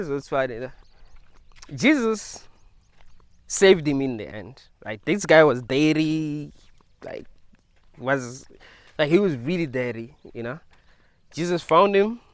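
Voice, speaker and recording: A man's voice: fairly high pitch, clean tone, no room sound. A man talking casually to his viewers in a rambling monologue, laughing often and leaning on fillers. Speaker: video creator.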